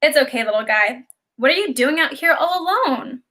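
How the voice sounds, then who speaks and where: A woman voicing a spirited preteen girl on a spooky quest, talking in a high, coaxing, excitable way. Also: normal speed.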